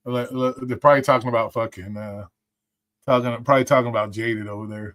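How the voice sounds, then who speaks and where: A man's voice: medium pitch, steady tone, brisk, fairly bright tone. A man hosting a livestream, talking casually and ranting with lots of swearing as he checks his likes and picks videos. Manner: rambling, profane, ranting. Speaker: livestream host.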